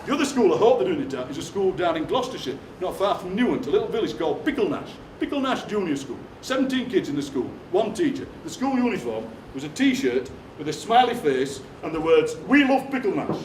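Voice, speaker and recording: A middle-aged man with a Barnsley Yorkshire accent telling quick, jokey stories to a live audience as a performance poet. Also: on the high side, big pitch swings, darkish tone. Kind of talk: comic storytelling on stage. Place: theatre stage before a live audience. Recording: roomy, distant theatre recording with noise.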